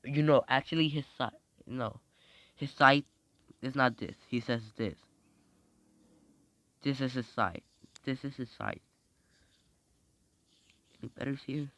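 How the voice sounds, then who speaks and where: A man's voice: medium pitch, slow pace, long pauses, fairly bright tone, no echo. A man narrating an improvised fan story, rambling along with many fillers and restarts.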